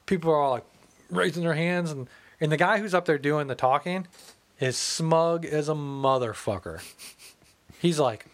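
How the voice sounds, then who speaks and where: A man's voice: a little high, normal speed. A man in his thirties from the Midwest, telling a profane story in casual chat and acting out the people in it. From American Midwest. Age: 30s.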